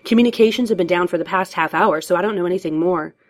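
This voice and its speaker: A woman voicing a panicked young male police officer, urgent and shouting under fire. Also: fairly low pitch, fast talker, close to an everyday voice.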